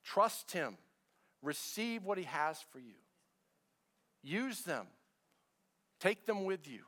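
A man's voice: high-pitched, sing-song, takes it slowly, a bit bright. Man preaching a conversational sermon. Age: middle-aged. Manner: conversational preaching, repeats phrases, asks the congregation questions. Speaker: pastor. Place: church sanctuary with a congregation.

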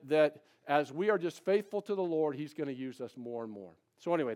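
A male pastor delivering a live sermon to his congregation, swinging between loud emphatic preaching and quiet confiding asides, often restarting and repeating words. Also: on the high side, animated, a little fast, few pauses, a faint crowd. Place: church before a congregation.

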